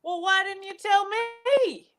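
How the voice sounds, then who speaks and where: A woman's voice: very high voice, slow pace, a bit bright, voice pushed up, full character voice. A woman playing a brash, bossy survivalist in an improvised comedy show, teasing and giving orders.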